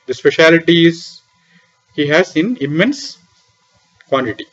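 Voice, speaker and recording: A man's voice: fairly high pitch, lively intonation, a little slow. A man giving a lecture on scripture in a small room beside a temple library. He asks questions and answers them himself, and repeats key terms for emphasis. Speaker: lecturer on Vedic philosophy. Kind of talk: classroom lecture explaining scripture. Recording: dull, lo-fi lecture recording.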